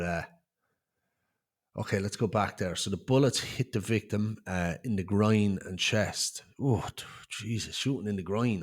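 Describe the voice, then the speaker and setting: A man hosting a true crime channel, talking casually through news headlines with many fillers and blunt reactions. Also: on the low side.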